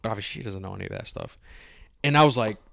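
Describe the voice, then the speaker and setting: A young man on a podcast telling a long story in casual chat, animated, swearing freely and acting out what everyone said. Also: on the low side, very fast, gravelly, dry recording, studio quality. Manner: animated, swears a lot, acts out his own quotes. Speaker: podcast co-host.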